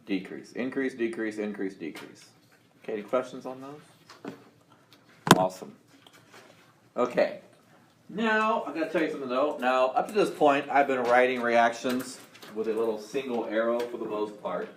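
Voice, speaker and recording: Speaking at normal speed with frequent pauses, a man with a medium-pitched, slightly bright voice teaches college chemistry. He quizzes students cheerfully and often restarts, and the room has a roomy sound with faint noise.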